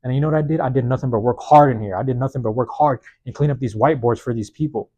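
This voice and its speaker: Man, podcast host, mid-pitched, a little hoarse, casual slangy monologue, repeats himself for emphasis, phone mic, small university room. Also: very fast, mellow. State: slightly hoarse. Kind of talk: solo motivational monologue. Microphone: plug-in microphone on a phone.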